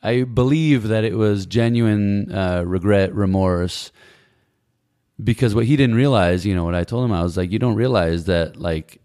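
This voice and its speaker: A man's voice: fairly low pitch, moderate pace, mellow, dry recording, clean studio sound. A man in his forties recalling his past, telling it in a meandering, reflective way with many restarts. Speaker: guest recalling Peace Corps service. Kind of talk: casual conversational storytelling.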